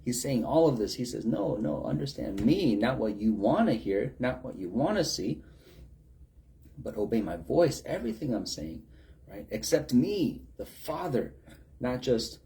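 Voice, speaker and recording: A man's voice: mid-range voice, big pitch swings, measured pace, vocal fry, mellow. A man preaching a sermon in a conversational way, with many rhetorical questions and acted-out quotes.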